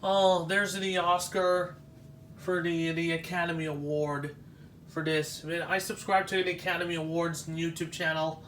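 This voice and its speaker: A man vlogging as he walks through an exhibition, talking in a halting, nostalgic way with frequent restarts. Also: fairly high pitch, fairly even intonation, a bit bright, slight background noise. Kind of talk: casual walk-through commentary.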